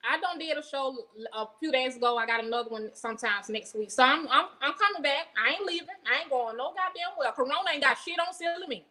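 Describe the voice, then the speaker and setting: A woman's voice: high-pitched, lively intonation, fast talker, few pauses, sharp tone, poor audio. A woman comedian from Atlanta with a Southern accent, telling stories in a brash, profane way during a casual interview. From Atlanta, USA.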